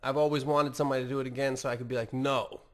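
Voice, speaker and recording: An American podcast host delivers a casual, profane monologue, rambling along, swearing heavily, and poking fun at himself. His medium-pitched voice stays level in tone and runs very fast.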